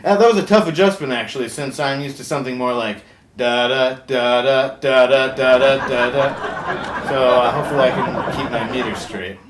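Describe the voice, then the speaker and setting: A man playing a goofy, punning male shark who hosts a comedic late-night talk show, delivering a deadpan monologue and chuckling at his own jokes. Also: medium pitch, fast talker, a faint crowd, close to an everyday voice. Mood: wry. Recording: roomy echo with faint background hum.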